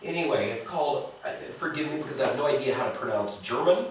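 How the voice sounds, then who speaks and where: A man's voice: mid-range voice, lively intonation, fast, recorded from a distance, slight background noise. An American man reviewing beers in a casual vlog, blunt and profane, talking straight to the viewer, in a home recording. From United States. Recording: very echoey room, voice a bit off-mic.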